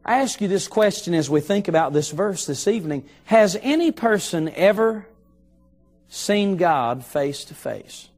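A middle-aged man preaching in a church, his voice sitting high for a man. He tells a story from the pulpit and slows right down to lean on the words that matter, while soft music plays faintly underneath. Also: animated. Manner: storytelling, slows for emphasis on key phrases. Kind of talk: sermon. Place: church sanctuary.

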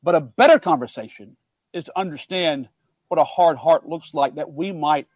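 Man, preacher, high-pitched, dry sound, emphatic sermon. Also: moderate pace, no echo. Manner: earnest, emphatic, builds up and drops to quiet asides.

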